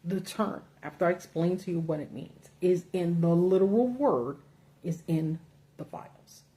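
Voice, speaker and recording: A woman's voice: fairly low pitch, normal speed, warm tone. Blunt, profane woman ranting on a livestream. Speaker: political commentary host. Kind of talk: casual livestream commentary. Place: home setup with a ring light.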